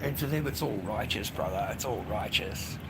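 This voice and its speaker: Walking outdoors along a street and path, an Australian man rants into his handheld phone in a rambling, profane monologue, calling everyone mate and bro. His voice is on the low side, expressive and at normal speed, with vocal fry. Loud traffic and street noise fill the phone recording.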